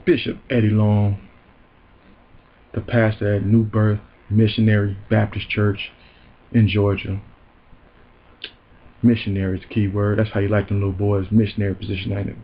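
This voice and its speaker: A man's voice: fairly low pitch, flat delivery, moderate pace, pauses often, highs cut off. A man hosting a comedy show, delivering a heated, profane and mocking rant. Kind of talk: ranting comedic commentary.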